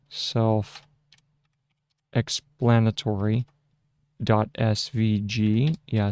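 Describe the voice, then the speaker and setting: A man talks through a screen-share tutorial at a leisurely, halting pace, full of fillers and restarts as he thinks aloud. His voice sits somewhat low. The close desk microphone gives a dry sound with no room echo. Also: a little mellow, smooth. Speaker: shorthand tutorial host. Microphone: close desk microphone with a mute button.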